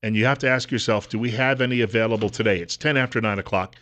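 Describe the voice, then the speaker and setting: A man's voice: fairly low pitch, quick pace, hardly any pauses, fairly bright tone. A male radio talk host in casual commentary, talking conversationally with frequent fillers and restarts.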